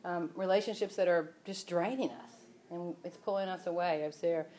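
A woman's voice: lowish voice, steady tone, normal speed, a little mellow. A woman giving an informal sermon in a conversational way, with many fillers, building to emphatic passages. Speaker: church speaker.

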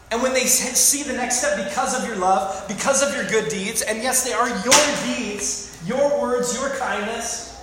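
A man's voice: sits high, a bit bright. A man preaching a sermon, emphatic, repeating phrases and asking the congregation questions. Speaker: pastor. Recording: very echoey hall, faint room noise.

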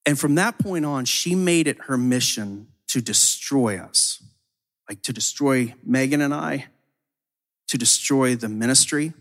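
A man's voice: medium pitch, measured pace, fairly bright tone. A man giving a sermon testimony as a ministry leader. He tells the story casually, with frequent "like" fillers and repeated words.

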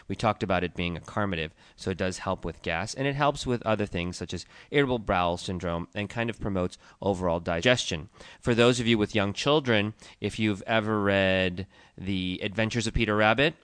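A man's voice: on the low side, brisk, fairly bright tone, clean tone, dry recording. A man co-hosting a casual podcast chat, steadily explaining the uses of an herbal tea and listing its properties. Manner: explanatory, lists facts steadily. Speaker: podcast co-host, tea shop owner.

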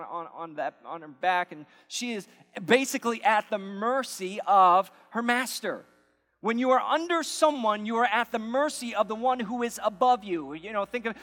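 A man's voice: high voice, fairly bright tone, big-room sound. A man preaching a sermon as pastor, conversational, with repeated phrases and asides to the congregation.

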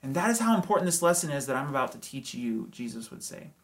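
A pastor walks through a passage in a relaxed, talky sermon. The delivery is full of rhetorical questions and quick asides. The pitch sits at a middle height. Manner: conversational preaching with hedges, rhetorical questions and chuckles.

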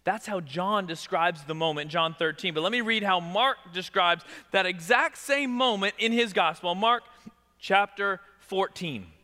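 A man preaching a sermon as pastor, swinging between loud emphasis and hushed, dramatic delivery. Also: high-pitched, measured pace, in a large hall.

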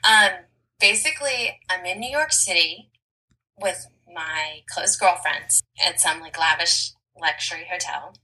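A woman's voice: fairly low pitch, unhurried, pushed and bright, husky, rough recording. A woman guesting on a podcast as a travel blogger, cheerful and chatty, laughing often. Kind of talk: casual interview chat.

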